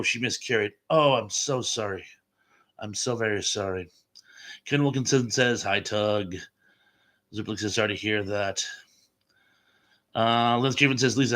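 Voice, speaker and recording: A man's voice: mid-range voice, sharp tone. Chatty man reading out live chat. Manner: chatty and rambling, frequent ums and uhs. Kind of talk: casual live chat, reading viewer comments aloud.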